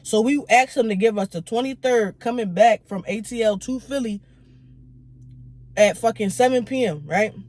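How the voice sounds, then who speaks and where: At a moderate pace and medium pitch, a young adult vlogger tells an irritated storytime tale full of profanity. The casual rant is heated and animated, and the speaker performs the quoted lines of the other people involved.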